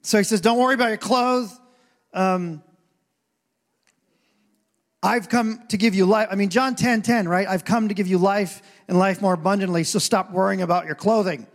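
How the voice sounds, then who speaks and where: A man's voice: sits high, fairly even intonation, normal speed. A male pastor giving a casual, joking sermon in church, acting out quoted voices. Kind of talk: conversational sermon. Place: church sanctuary. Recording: long hall reverb.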